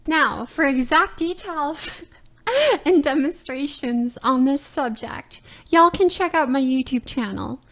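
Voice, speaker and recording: Woman voice coach, high pitch, slow deliberate lecture delivery, explanatory. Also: lively intonation, fairly bright tone. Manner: methodical, explanatory, checks in with "all right" and "right?". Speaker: voice teacher. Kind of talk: recorded lecture presentation.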